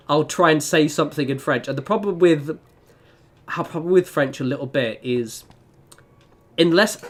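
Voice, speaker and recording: This young man streams a game and talks casually as he plays, in a slightly high, fairly bright voice. He wanders from point to point, full of filler words and jokes at his own expense.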